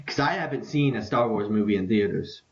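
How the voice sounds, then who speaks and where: A young man hosting a casual podcast, excitable and rambling, quick to crack jokes. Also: on the low side. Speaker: podcast host. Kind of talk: casual chat. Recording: lo-fi, echoey room.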